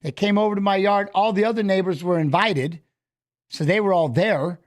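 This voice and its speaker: Animated high-voiced man swearing through a story. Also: moderate pace. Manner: animated, profane retelling of an argument. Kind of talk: casual storytelling, watch-along chat.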